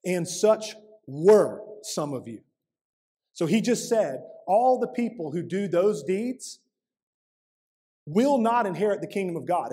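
Husky-voiced male pastor preaching emphatically. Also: fairly high pitch, mellow. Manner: emphatic, repeating rhetorical questions. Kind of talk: sermon. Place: church.

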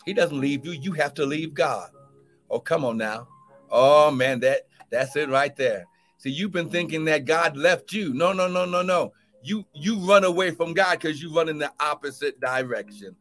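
High-pitched preacher guy getting fired up, shouting and repeating himself, soft music behind. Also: normal speed. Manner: fervent, repetitive exhortation with shouts and exclamations. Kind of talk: live-streamed sermon.

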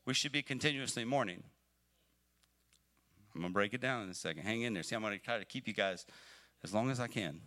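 A man's voice: medium pitch, a bit bright. A man preaching a conversational livestream sermon that rises to emphatic, pleading peaks. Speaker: pastor. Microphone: livestream mic.

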